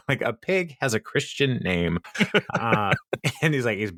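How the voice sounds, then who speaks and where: A man's voice: medium pitch, animated, unhurried, a bit bright, dry recording, studio quality. A man casually recapping a sitcom episode, rambling, laughing often and acting out quotes. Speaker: podcast co-host.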